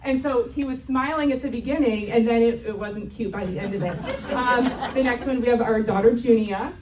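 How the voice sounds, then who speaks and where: A woman in her thirties speaks at a church retreat in a chatty, self-mocking way, laughing easily as she goes. Her voice sits a little high. The sound is roomy, with the echo of a hall, as if picked up from some distance. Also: normal speed, a crowd in the background, background noise. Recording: echoey hall, mic from afar.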